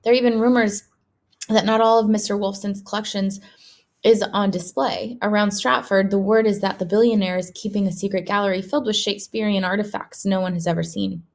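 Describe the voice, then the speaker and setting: A woman's voice: mid-range voice, brisk. Woman reading a storybook to kids. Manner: steady, clear reading to children. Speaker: teacher reading aloud. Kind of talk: read-aloud storybook narration.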